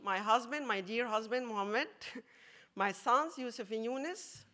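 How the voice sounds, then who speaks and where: A woman from Egypt, a math teacher giving an emotional acceptance speech, laughing often and pausing with fillers. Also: on the high side, bright, forceful tone.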